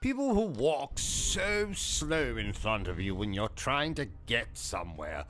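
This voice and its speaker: A man's voice: medium pitch, sing-song, measured pace, a bit bright, slight background noise. A British man hosting a gaming livestream, ranting and trading insults in a pompous, over-the-top comic persona. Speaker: gaming channel host. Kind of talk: comedic livestream commentary.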